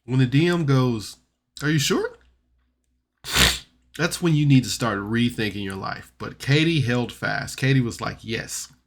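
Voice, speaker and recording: A man's voice: mid-range voice, lively intonation, normal speed, vocal fry, few pauses, slight background noise. Man rambling through a casual podcast recap. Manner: rambling, chatty, many fillers and restarts. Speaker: podcast reviewer. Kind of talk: casual recap of a tabletop game episode.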